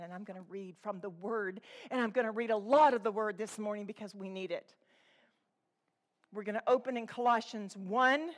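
A woman preacher delivering a sermon to a congregation, speaking with passion and repeating phrases for emphasis, and reading scripture aloud. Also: mid-range voice.

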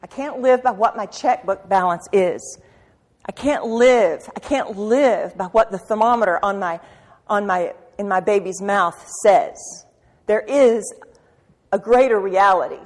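A woman preaching a sermon with passion, firing rhetorical questions and swinging from loud to hushed. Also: medium pitch, unhurried. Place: church sanctuary. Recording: reverberant hall.

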